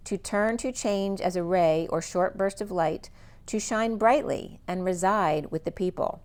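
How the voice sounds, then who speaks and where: A woman giving a solo spiritual reading, thinking aloud as she lists word meanings in a musing run-on flow, her voice going a little hoarse. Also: on the low side, a little slow, a little mellow. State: losing her voice, slightly hoarse. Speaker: spiritual reader.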